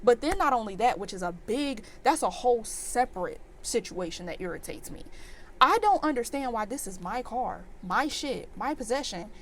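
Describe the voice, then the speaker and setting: A woman in her twenties telling a storytime vlog in an animated, exasperated rant full of fillers. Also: fairly high pitch, normal speed, slight background noise. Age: 20s. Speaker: vlogger.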